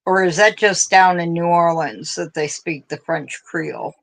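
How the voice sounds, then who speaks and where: A woman's voice: lowish voice, unhurried, vocal fry. A woman with a central Pennsylvania accent, chatting casually on a craft livestream, laughing often and reading out viewer comments. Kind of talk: casual chat while crocheting.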